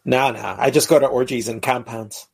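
Male co-host with a raspy, gravelly voice who keeps cracking jokes. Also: medium pitch, fairly even intonation, moderate pace, rough recording. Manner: joking interjections, laughs often. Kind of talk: casual live-stream chat.

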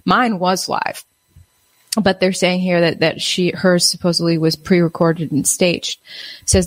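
A woman giving casual news commentary, halting and full of fillers and restarts. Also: fairly low pitch, steady tone, no room sound. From United States.

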